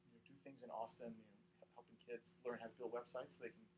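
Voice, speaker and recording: A man's voice: medium pitch, level tone, quick pace, low-quality recording. A man, an entrepreneur, giving a frank, rambling lunch talk to an audience, peppered with "right?" and "you know". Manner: frank, occasional swearing.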